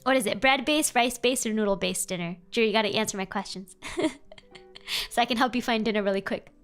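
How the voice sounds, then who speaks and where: A young adult woman streaming casual advice chat, animated and playful, jumping up in pitch for emphasis. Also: fast, soft background music. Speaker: vtuber streamer giving advice.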